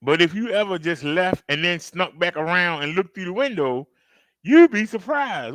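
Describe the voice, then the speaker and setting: In this reaction video, a man with a high-pitched, animated voice and a fairly bright tone talks at a moderate pace, recorded without echo. His casual commentary is conversational and emphatic, aimed straight at viewers, with outbursts acted out mid-story.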